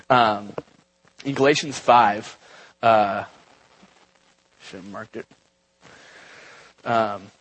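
A young man giving a relaxed, conversational church talk, with many fillers and asides. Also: mid-range voice, a little hiss or hum, low-quality recording. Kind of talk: casual sermon. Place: church gathering.

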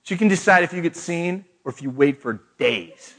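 A middle-aged man with a fairly high, lightly raised voice tells a family story to a live crowd. He jokes at his own expense and chuckles along the way, in a loose, humorous retreat-talk manner. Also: animated, normal speed, fairly bright tone. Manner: storytelling with self-mocking jokes, laughing. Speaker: speaker.

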